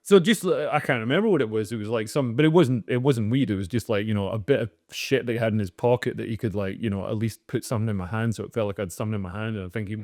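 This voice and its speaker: Fast-talking man on a dry mic. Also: fairly low pitch, darkish tone, no room sound. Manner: rambling, lots of "like" and "you know". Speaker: podcast co-host. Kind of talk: casual comedic storytelling.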